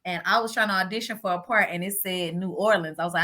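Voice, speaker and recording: A woman, a guest actress, chatting casually on a podcast and telling stories in a lively, animated way. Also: lowish voice, fast.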